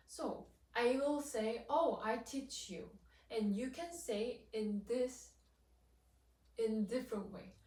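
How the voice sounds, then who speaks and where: Slow, patient woman teaching grammar. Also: a little high, far from the mic. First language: Korean. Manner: patient, repeats and restarts, stresses example sentences. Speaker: English teacher. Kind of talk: slow, careful grammar lesson. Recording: echoey room, voice off-mic.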